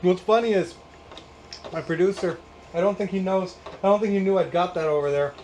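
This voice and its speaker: Man, 30s, slightly high voice, sarcastic exasperated vlog host, profane rants, faint noise. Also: fairly quick, darkish tone. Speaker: YouTube host. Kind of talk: casual guitar how-to vlog.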